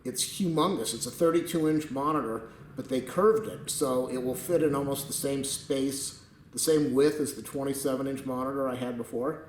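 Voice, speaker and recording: A man of middle pitch talks loosely and chattily while filming a phone at home, wandering from one thought to the next with little jokes along the way. The room around him is echoey and bare-sounding. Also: normal speed, slight background noise. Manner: chatty and meandering, jokey asides. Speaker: tech video creator. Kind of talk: rambling off-camera vlog commentary. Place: at home at a computer table.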